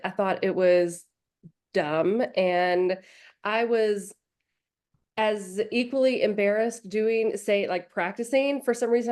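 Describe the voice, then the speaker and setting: A woman's voice: medium pitch, darkish tone. A woman co-hosting a real estate coaching podcast, talking in a candid, self-deprecating way. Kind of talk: casual podcast discussion.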